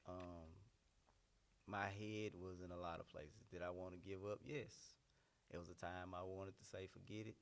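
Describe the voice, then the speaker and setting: A man's voice: low voice, fairly even intonation, normal speed, gravelly, clear, resonant tone. A man, a pastor and singer, telling an emotional personal story with earnest, repetitive emphasis. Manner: earnest, heartfelt, repeats phrases for emphasis. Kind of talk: candid, emotional personal testimony.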